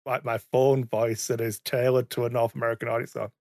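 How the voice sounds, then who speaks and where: A man's voice: medium pitch, level tone, brisk, few pauses, a little mellow, dry recording, clean studio sound. A man chatting casually as a podcast co-host, rambling and self-correcting, with the odd swear word. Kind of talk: casual chat. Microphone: studio mic, sometimes too far from it.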